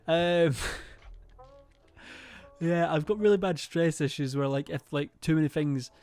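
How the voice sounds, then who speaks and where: A young man talks to his stream viewers in a loose, rambling way. He hesitates often, leans on fillers and swears freely. His voice sits a little high, and soft music plays faintly underneath. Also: fairly quick. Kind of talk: casual stream chat.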